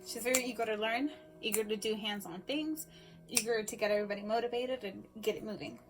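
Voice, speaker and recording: A woman giving a personal storytelling speech, emotional, swinging between loud emphasis and hushed asides. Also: mid-range voice, fast, music in the background. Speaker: speaker.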